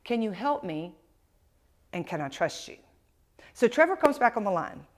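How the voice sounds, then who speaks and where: A woman gives a storytelling lesson on communication skills. Her voice is animated and rises and falls freely. She acts out both sides of the conversations she describes. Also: medium pitch, normal speed.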